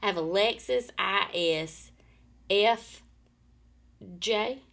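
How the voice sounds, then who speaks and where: An older woman, a podcast co-host telling animated stories and laughing often. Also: medium pitch, drawn-out words, vocal fry. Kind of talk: casual chat. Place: Nashville area.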